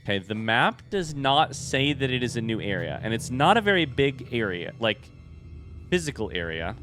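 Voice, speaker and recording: A man giving live commentary on a video game, reacting loudly and talking to chat. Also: medium pitch, very animated, moderate pace, soft background music. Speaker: streamer playing a video game.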